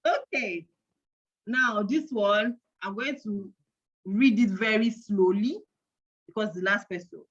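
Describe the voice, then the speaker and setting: A woman's voice: medium pitch, takes it slowly, slightly rough. A woman, hosting an online parenting event in a playful, chatty way, counting aloud and teasing the audience. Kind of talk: lively live-stream quiz hosting. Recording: dull lo-fi online stream audio.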